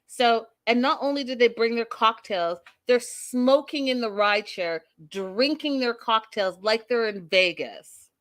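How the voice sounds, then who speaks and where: A woman hosting a casual recap show in a fairly high voice. She talks bluntly and sassily and swears freely. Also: unhurried, a bit bright. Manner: blunt, sassy, profane. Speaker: host.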